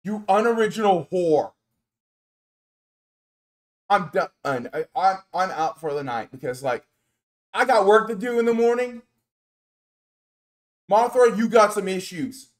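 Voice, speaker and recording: Furious man ranting on stream. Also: high voice. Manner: furious, slow and emphatic, cursing, calls out by name. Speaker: VTuber streamer. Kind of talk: angry livestream rant.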